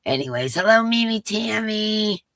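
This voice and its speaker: A hoarse woman hosting a casual live stream, chatting and reading out viewers' names as they arrive. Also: mid-range voice, expressive, unhurried, fairly bright tone, no room sound. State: hoarse, voice coming and going. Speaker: livestream host.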